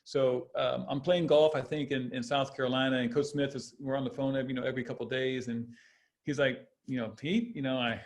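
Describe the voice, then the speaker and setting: A man in his fifties, once a basketball player, tells stories on a podcast in a loose, rambling way, restarting often and laughing a lot. His voice sits in the mid-range with little pitch movement, and he talks fairly quickly. It's a casual storytelling interview.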